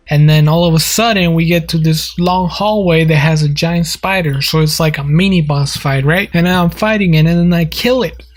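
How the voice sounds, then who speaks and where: A man casually narrating his gameplay in a rambling, joking way. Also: fairly high pitch. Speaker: gaming video host.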